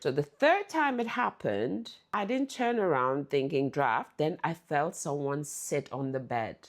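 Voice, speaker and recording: A middle-aged woman with a low voice tells stories to her viewers in a loose, chatty way. She laughs often as she talks. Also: very animated, a little slow. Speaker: channel host. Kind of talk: casual storytelling.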